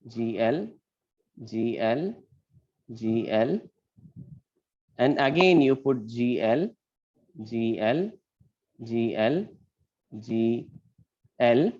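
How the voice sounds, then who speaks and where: A man's voice: mid-range voice, lively intonation, takes it slowly, long pauses, darkish tone. A man teaching an online class, asking questions and explaining step by step. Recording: muffled lo-fi call audio.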